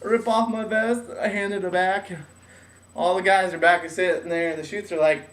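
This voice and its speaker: High-voiced young man telling a lively story. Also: moderate pace. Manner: animated, acts out voices of others. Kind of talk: casual personal story. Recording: echoey room, mic at a distance.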